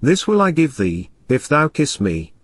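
A man's voice: a little high, very animated, a little slow, slightly rough, dry recording, clean studio sound, heavily acted. A man reading the part of a foolish, lovesick young parish clerk, pleading with flowery endearments. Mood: wooing.

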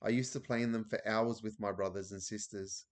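A man's voice: on the low side, fairly even intonation, a little fast, natural voice. A man reading aloud as an elderly grandmother who tells a thrilling adventure story breathlessly.

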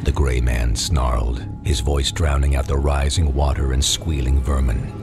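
Very deep-voiced man narrating a dark tale. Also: level tone. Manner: dark, measured storytelling. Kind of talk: dramatic audiobook narration. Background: music.

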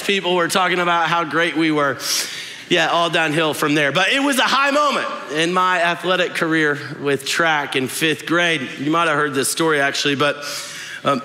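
A man's voice: on the high side, sharp tone. A young adult male pastor preaching a sermon, telling a self-mocking story and joking with the congregation. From West Texas. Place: large church auditorium. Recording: long hall reverb in a large church.

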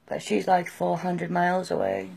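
A middle-aged British woman gives halting, raw, emotional personal testimony. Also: on the low side, level tone, creaky, darkish tone, husky. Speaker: person sharing her experience.

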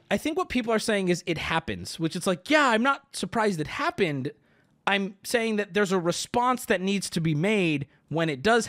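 A man's voice: high-pitched, fairly bright tone. A man streaming live, ranting sarcastically and swearing often as he talks to chat. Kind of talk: casual livestream chat.

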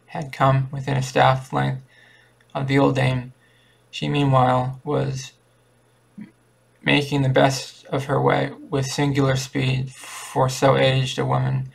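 A man reading a classic short story aloud in a flat, unhurried way. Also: mid-range voice, creaky. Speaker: narrator.

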